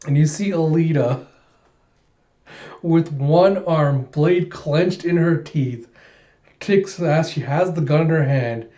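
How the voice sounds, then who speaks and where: A man eagerly retelling a comic book aloud in an excited, animated readthrough. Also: fairly high pitch, takes it slowly, reverberant, dull audio. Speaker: host reading a comic aloud.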